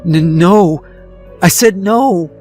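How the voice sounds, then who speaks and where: A man's voice: high voice, drawn-out words, a little mellow, soft background music, pitched above the performer's own voice. A man voicing a nervous teenage girl who stumbles over her words, in a storybook reading. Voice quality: stammering.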